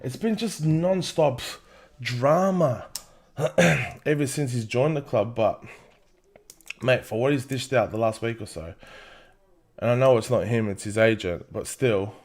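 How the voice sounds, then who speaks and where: A man's voice: medium pitch, measured pace, darkish tone. A young man hosting a football watchalong, chatting casually and passionately with frequent swearing. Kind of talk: casual live match commentary.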